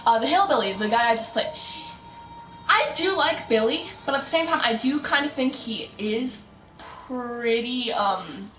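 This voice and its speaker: A young woman rambling through casual commentary while she plays a game, chatty and full of quick asides. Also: fairly high pitch, expressive, a bit bright, far from the mic. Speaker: gaming streamer. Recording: roomy echo, voice set back from mic, faint music.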